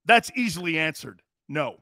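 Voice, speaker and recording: A man's voice: on the high side, very animated, normal speed, bright, forceful tone, no room sound, clean studio sound. A man hosting a sports talk show, delivering a brash, mocking monologue. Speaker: sports radio host.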